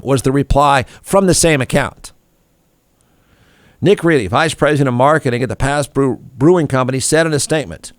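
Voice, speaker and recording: A man's voice: medium pitch, lively intonation, normal speed, no room sound, studio quality. A man hosting a talk show, ranting in a snarky, irreverent way and laughing at his own jokes. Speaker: radio show host. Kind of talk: comedic talk show rant.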